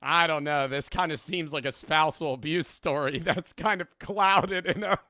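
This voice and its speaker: A man streaming casual reaction chat, excitable and swearing often. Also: a little high, moderate pace, dry recording.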